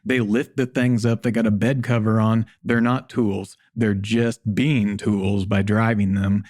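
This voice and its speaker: Blunt, joking man with a lowish voice. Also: level tone, a little slow, darkish tone, dry recording, clean studio sound. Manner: blunt, joking, swears casually. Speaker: podcast guest. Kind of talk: casual interview chat.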